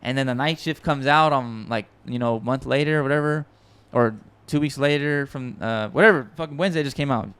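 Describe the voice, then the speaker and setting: Male podcast host, smooth clear voice, mid pitch; excitable casual storyteller, lots of restarts. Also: fairly quick, few pauses. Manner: excitable, rambling, swears often, many restarts. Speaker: podcast host and music producer.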